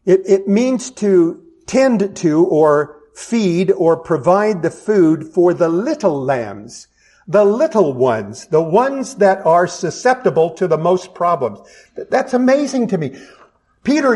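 A man's voice: high-pitched, warm tone. A middle-aged man preaching a sermon as pastor, conversational, with self-deprecating asides and frequent restarts.

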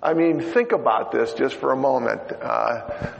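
A man's voice: medium pitch, measured pace, vocal fry, slight background noise. An older man preaching a sermon in a chatty, joking way, with many fillers. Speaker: pastor. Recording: dull lo-fi sound in a reverberant hall.

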